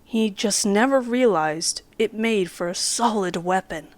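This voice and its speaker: A woman reading a first-person horror story in a measured, dramatic way, sometimes dropping into a whisper. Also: medium pitch. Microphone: studio condenser mic.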